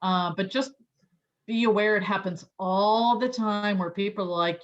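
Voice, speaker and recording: A woman's voice: mid-range voice, measured pace. A woman trainer explaining sales skills in a chatty, loose way with many fillers and restarts. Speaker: real estate trainer. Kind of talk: online training talk. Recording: dull lo-fi audio.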